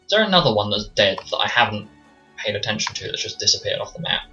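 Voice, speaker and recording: A man's voice: lowish voice, sing-song, fast talker, bright, forceful tone. A man running a tabletop game on stream as game master, narrating attacks and rolls in a casual, swearing manner, muttering to himself between turns. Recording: slightly dull streamed audio with faint music.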